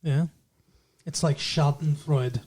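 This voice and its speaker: A man's voice: on the high side, fairly even intonation, slow, a little mellow, husky. A man co-hosting a podcast in casual chat, joking and rambling. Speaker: podcast co-host.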